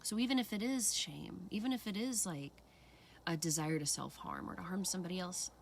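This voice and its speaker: A woman's voice: on the low side, fairly quick, gravelly, a little hiss or hum. A woman talking earnestly and expressively in a casual reflective way, acting out her own inner voices. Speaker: speaker sharing personal practice. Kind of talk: casual reflective talk to camera.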